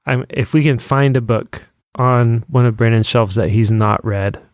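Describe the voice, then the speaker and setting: A man co-hosting a book podcast in relaxed, wry casual chat. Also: mid-range voice, a little slow, no echo, clean studio sound. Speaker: podcast co-host.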